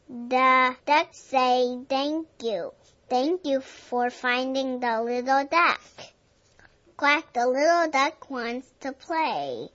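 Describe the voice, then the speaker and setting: A woman reads a picture book to small children, her high voice carrying each line. She goes very slowly and clearly in a sing-song way. The recording sounds dull and lo-fi. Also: animated, fairly bright tone. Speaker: storybook reader. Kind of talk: reading a picture book aloud.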